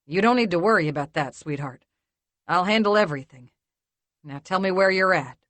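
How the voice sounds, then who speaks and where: A woman voicing a protective young man who speaks in a smooth, calm, soothing drawl. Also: lowish voice, a little fast, no room sound.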